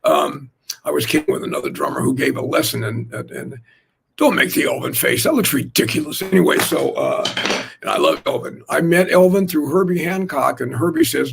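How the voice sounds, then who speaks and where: An older man, a jazz drummer, telling rambling, animated anecdotes in a casual chat, full of fillers. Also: on the high side, normal speed, creaky, slight background noise. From Oakland, California.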